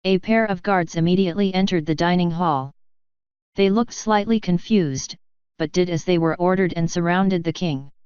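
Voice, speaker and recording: A woman reading fanfiction aloud in a steady storytelling manner, in a dull lo-fi recording. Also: on the low side, moderate pace, clean tone, no echo. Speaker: story reader. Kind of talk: fanfiction read-aloud narration.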